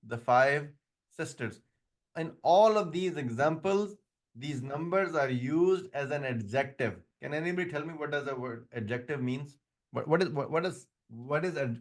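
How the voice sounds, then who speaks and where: A man who speaks English as a second language, teaching an Arabic grammar class and explaining patiently with frequent restarts. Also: medium pitch. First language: not English; another language first. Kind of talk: online class lecture.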